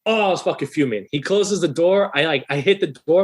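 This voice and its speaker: A thirty-year-old man telling a story in a casual podcast interview, animated and profane, loudly acting out the people he quotes. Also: a little high, brisk. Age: 30s. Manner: animated, swearing, acts out quoted voices loudly. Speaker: guest musician.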